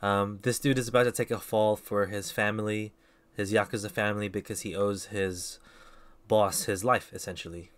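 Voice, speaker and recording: A man's voice: fairly low pitch, steady tone, moderate pace, fairly bright tone. A man streaming a video game, rambling in casual commentary and putting himself down. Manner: rambling, self-deprecating.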